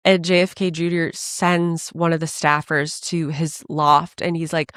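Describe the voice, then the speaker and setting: A woman with a fairly low voice co-hosts a podcast in a casual chat. She tells stories with energy and acts out the people in them. The sound is dry and close, with no room in it. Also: unhurried, hardly any pauses, no echo. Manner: animated storytelling, acts out quoted people. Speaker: podcast co-host.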